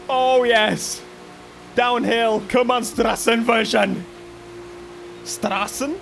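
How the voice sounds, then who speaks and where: A man with an English accent giving excitable live commentary on a racing game, often yelping and shouting. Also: high-pitched, vocal fry. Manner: excitable, bursts into yelps and shouts. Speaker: gaming YouTuber.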